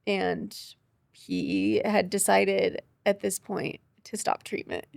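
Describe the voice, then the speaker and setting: Gravelly-voiced woman telling her story. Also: medium pitch, a little mellow, no echo. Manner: quick, tearful retelling with quoted dialogue. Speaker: podcast guest. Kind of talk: emotional personal storytelling.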